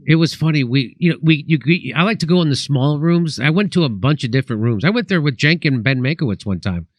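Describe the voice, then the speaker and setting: Comedian host, male, slightly high voice, dry close sound, rambling anecdotal delivery. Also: animated, fast talker, no room sound. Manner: rambling anecdotes with restarts and acted quotes. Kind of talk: casual storytelling chat.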